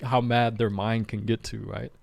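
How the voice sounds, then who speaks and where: Male podcast host, gravelly low-key voice, casual rambling delivery, dry close mic. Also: flat delivery, moderate pace, a little mellow, no room sound. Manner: loose, chatty, full of "right?" and "like". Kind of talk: casual chat.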